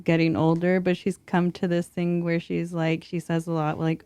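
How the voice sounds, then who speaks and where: A woman's voice: lowish voice, level tone, moderate pace, few pauses, mellow, clear, resonant tone, no echo. A young woman, a mother, talking reflectively as a podcast guest in casual chat, with lots of filler words.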